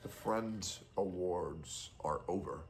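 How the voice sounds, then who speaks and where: A man's voice: low voice, slow, background noise. A young adult man streamer giving casual, blunt and profane commentary.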